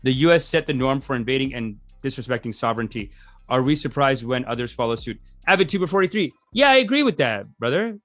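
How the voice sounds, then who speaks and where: A man's voice: mid-range voice, lively intonation, fast, fairly bright tone, faint music behind. A man hosting a livestream, giving casual, rambling commentary and laughing often. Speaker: livestream host.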